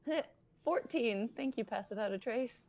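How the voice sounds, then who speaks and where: A woman's voice: on the high side, normal speed, darkish tone. A woman playing a tabletop game, chatty and keen on the rules. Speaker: player. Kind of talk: casual tabletop play. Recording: dull lo-fi mic.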